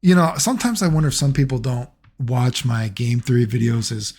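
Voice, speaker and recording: A man's voice: medium pitch, brisk, darkish tone, slightly rough. A man speaking as a gaming YouTuber in casual commentary, rambling and sarcastic, swearing freely.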